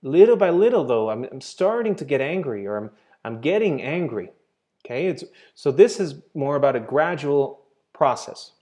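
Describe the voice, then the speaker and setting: A man's voice: on the high side, big pitch swings, normal speed, dark tone. Patient man teaching English grammar. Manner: patient, repeats points with "right?" and "okay?". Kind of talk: explaining grammar to learners.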